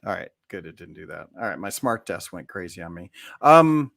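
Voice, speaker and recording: A man's voice: deep voice, very animated, normal speed, gravelly, a bit bright, a little hiss or hum. A man in his forties, hosting a casual podcast chat and telling a long rambling story with restarts. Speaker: podcast host.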